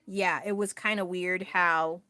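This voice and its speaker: A woman's voice: fairly low pitch, fairly even intonation, measured pace, sharp tone. A woman with an American accent chatting casually on a livestream, rambling and laughing often as she answers her chat. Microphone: phone.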